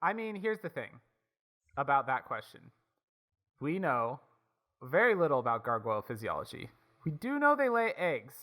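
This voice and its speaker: A man's voice: mid-range voice, sing-song, normal speed, pauses often, bright, forceful tone. A man co-hosting a casual podcast, rambling and joking about a cartoon. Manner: rambling, jokey, self-mocking. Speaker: podcast co-host.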